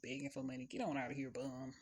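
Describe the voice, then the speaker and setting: A woman's voice: extremely low pitch, flat delivery, fast, darkish tone, breathy edge, pitched below the performer's own voice. A woman quoting scornful young strangers. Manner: dismissive, scornful. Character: rude young adults shooing someone off.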